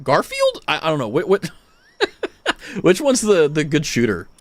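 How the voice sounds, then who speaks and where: A young adult man with a General American accent streams, telling animated stories in casual chat with his viewers. His voice is on the high side and unhurried with no echo, and his talk is full of fillers and frequent swearing.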